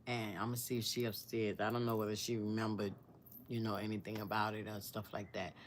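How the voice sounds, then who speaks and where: A woman's voice: a bass voice, little pitch movement, a little fast, slight background noise. Earnest older woman telling a personal story. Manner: rambling, searching for words, drops to a hushed near-whisper; earnest and devout. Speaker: storyteller vlogger.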